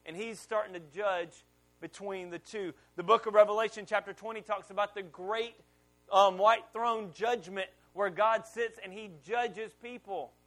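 A middle-aged man preaching a sermon in a church, telling stories in a conversational way and rising loud on the points he wants to stress. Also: high-pitched, steady tone, normal speed. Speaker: pastor.

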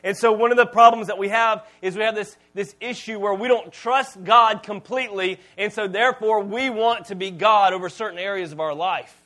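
High-voiced man preaching a casual sermon. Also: a little fast, few pauses, sharp tone. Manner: conversational, storytelling preacher with swings in volume. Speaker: pastor.

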